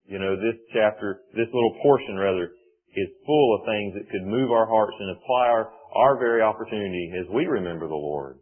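Low husky preacher, tinny sound. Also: male voice. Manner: measured, emphatic phrasing in short breaks. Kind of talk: sermon. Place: church service.

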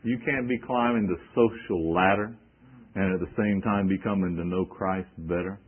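A man's voice: low voice, steady tone, moderate pace, phone-quality sound, slight background noise. A male preacher giving an emphatic sermon, quoting scripture and asking rhetorical questions.

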